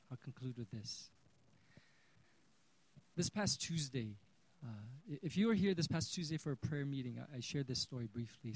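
A man in his thirties giving a sermon, telling a personal story and swinging between hushed and loud. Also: medium pitch, rough recording. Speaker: pastor.

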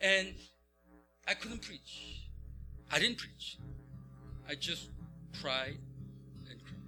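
A man's voice: fairly high pitch, very slow, music in the background. A male pastor telling a story in a sermon, acting out the characters' voices. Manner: animated, acts out voices.

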